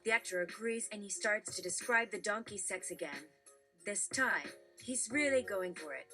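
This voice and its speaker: Bright-voiced woman reading jokes. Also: mid-range voice, normal speed, soft background music. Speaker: streamer reading jokes aloud. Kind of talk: live-stream reading of generated text.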